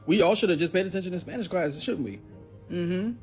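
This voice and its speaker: A man's voice: high voice, a little fast, darkish tone, faint music behind. A married man teasing his audience in a joking opinion video. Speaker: commentator.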